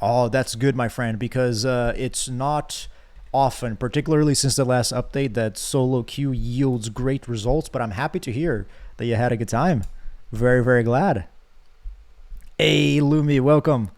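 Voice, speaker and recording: A man's voice: medium pitch, normal speed, a little mellow. A young man streaming a game, chatting casually with his viewers, joking and reading chat aloud.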